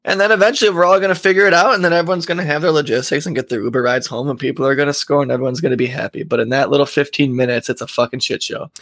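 A man with a slightly high voice talks bluntly on a chat podcast, swearing freely. He sounds loose and unfiltered in casual talk. The recording is dry, with no echo. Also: fairly even intonation, very fast, few pauses, fairly bright tone. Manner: blunt, profane, laughs often. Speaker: podcast co-host.

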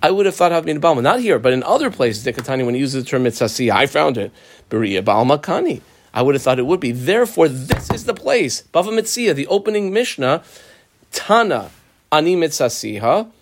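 A man walks through a text line by line in a lively teaching voice that rises and falls a great deal. His pitch sits a little high for a man, and he slips into the voices of the people in the case as he explains it. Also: a little fast. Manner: animated, acts out claimants' voices. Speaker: Talmud teacher. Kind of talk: line-by-line text study lesson.

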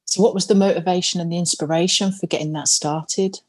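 A woman hosts a podcast and keeps the chat casual. Her voice sits on the low side, and she adds short, friendly, playful remarks as her guest talks. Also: steady tone, fairly quick, a little mellow. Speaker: podcast host.

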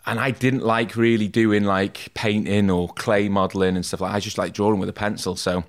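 A man with a low voice, talking easily and at length about his past. He fills his stories with "like" and "mate" and pokes fun at himself. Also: level tone, a little fast. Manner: chatty, self-deprecating, says "mate" and "like" a lot. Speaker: podcast guest, tattoo artist. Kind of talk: casual storytelling in an interview.

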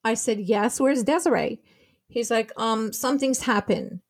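A woman's voice: a little high, measured pace. Shaken woman recounting a tragedy. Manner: retelling events with quoted dialogue, shaken. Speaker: guest, bereaved mother. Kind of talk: emotional personal account.

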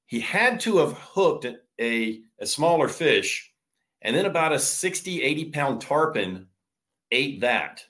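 A man's voice: fairly high pitch, sing-song, slow, a bit bright. A man from Florida who guides surf fishing charters, giving easygoing interview answers full of fillers and restarts. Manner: easygoing, explains with many fillers.

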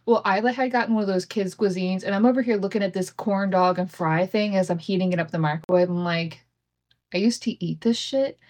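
A woman in her thirties chats through a rambling family story on her solo podcast, frank and quick to curse, breaking into laughs between thoughts. Her voice sits at an ordinary middle pitch, and the home recording setup sounds a bit rough. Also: fairly even intonation, a little mellow. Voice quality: candid, swears freely, laughs often. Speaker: podcast host. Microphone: home podcast setup with imperfect audio.

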